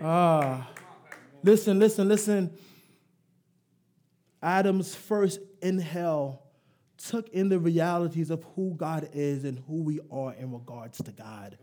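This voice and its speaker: A man preaching a live sermon, emphatic and rising to shouts, leading call and response and joking with the congregation. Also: fairly high pitch, slow pace.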